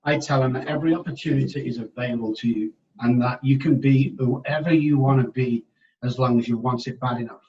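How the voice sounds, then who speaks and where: A man in his sixties, a recovery expert guest on a podcast, telling his story candidly and emphatically, moving from hushed to loud. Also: mid-range voice, steady tone, a little fast. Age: 60s. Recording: dull, distant podcast audio.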